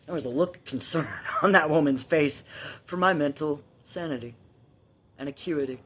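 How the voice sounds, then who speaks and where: A man's voice: on the high side, normal speed, a bit bright, breathy edge. A man telling a long personal story from his childhood in a casual, rambling way, swearing freely and laughing at his own telling.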